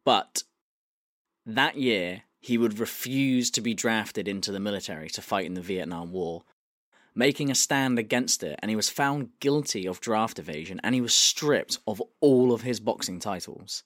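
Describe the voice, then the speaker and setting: A man's voice: on the low side, expressive, normal speed, no room sound, studio quality. A man hosting a casual podcast, presenting a segment, swearing freely and laughing as he talks. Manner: swears freely, laughs often, reads quotes aloud.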